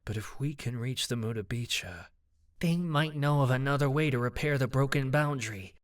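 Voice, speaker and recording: A man voicing a wise male animal familiar in an audiobook, speaking in a measured, earnest way. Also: medium pitch, far from the mic, lightly acted.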